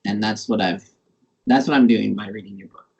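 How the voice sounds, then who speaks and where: A man from Montana hosting a podcast, talking casually and haltingly as he searches for words. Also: fairly low pitch, creaky, darkish tone, slightly rough, highs cut off. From Montana, USA. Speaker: podcast host. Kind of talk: casual interview conversation.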